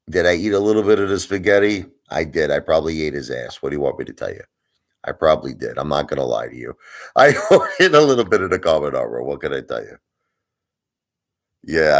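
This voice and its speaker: A man hosting a live stream, telling a story in a casual, animated way, with plenty of swearing and repetition for emphasis. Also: rumbling low. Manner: animated, profane, repeats himself for emphasis. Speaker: livestream host.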